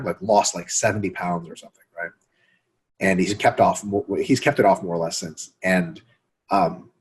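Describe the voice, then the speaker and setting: A man hosting a casual fitness podcast, profane and animated, often acting out other people's voices. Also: low voice, slightly rough. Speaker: podcast host.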